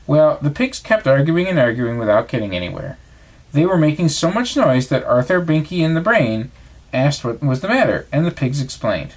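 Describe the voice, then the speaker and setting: A man reading a bedtime storybook aloud to his child in an expressive read-aloud voice. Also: fairly high pitch, moderate pace.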